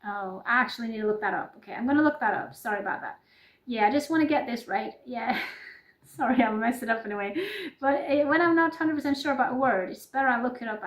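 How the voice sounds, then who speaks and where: Chatty Norwegian-accented woman, echoey room. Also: on the high side. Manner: chatty and rambling, often laughing and apologizing. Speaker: YouTuber. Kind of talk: casual improvised vlog chat.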